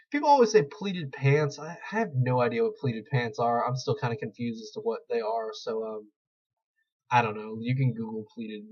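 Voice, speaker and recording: A man's voice: mid-range voice, darkish tone. Chatty young man tutoring, lo-fi mic. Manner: rambling, self-deprecating, chatty. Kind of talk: casual screen-recorded tutorial. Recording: slightly dull lo-fi mic.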